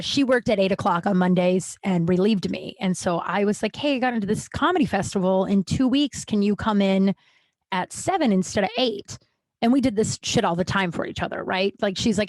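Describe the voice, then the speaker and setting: Candid woman podcaster, mid-pitched, chatty storyteller with restarts and swearing, dry recording. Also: no room sound. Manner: frank, chatty, acts out quoted people with pitch jumps; profane, lots of likes and restarts. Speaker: podcast host.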